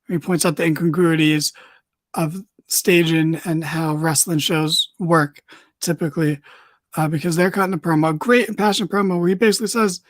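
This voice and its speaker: Rambling excitable podcast host. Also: male voice, fairly high pitch, brisk, no echo. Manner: rambling, excitable, lots of fillers. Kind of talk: casual wrestling recap.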